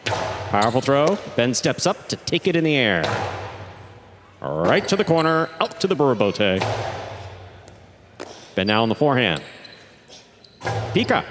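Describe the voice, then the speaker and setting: A man calling live play-by-play, his voice leaping up on exciting plays and settling back to explain them. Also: mid-range voice, a little slow, pauses often, background noise. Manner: animated, voice jumps up on exciting plays. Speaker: play-by-play commentator. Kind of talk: live sports commentary.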